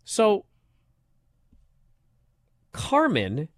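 A man co-hosting a wrestling podcast, talking in casual chat and getting worked up into loud disbelief. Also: high voice, extremely slow, dry recording. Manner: animated, rising to loud disbelief. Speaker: wrestling show co-host.

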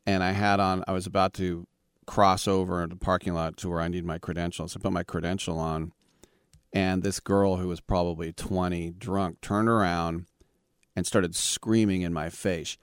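A man's voice: low voice, little pitch movement, normal speed, clean tone, no echo, studio quality. A man in his fifties from the Bay Area, hosting a sports talk radio show in a wry, rambling monologue with sarcastic asides. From San Francisco Bay Area.

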